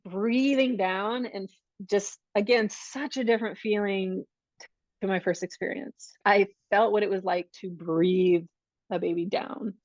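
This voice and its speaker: Animated woman telling a story, dry sound. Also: mid-range voice, unhurried, dry recording. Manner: animated, acts out quoted dialogue. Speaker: podcast guest. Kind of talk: casual conversational storytelling. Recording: dull, dry podcast audio.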